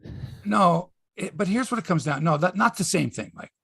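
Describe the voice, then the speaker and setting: A man's voice: high-pitched, lively intonation, normal speed, vocal fry, sharp tone, husky, no echo, studio quality. A man hosting a sports podcast, ranting in casual chat, swearing and acting out quotes in voices.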